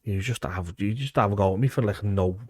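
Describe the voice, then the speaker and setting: Fairly quick, lowish, and free of echo, this voice comes from a thirty-something ex-footballer with a Liverpool accent. He tells stories casually in an interview, full of swearing and loud, acted-out quotes.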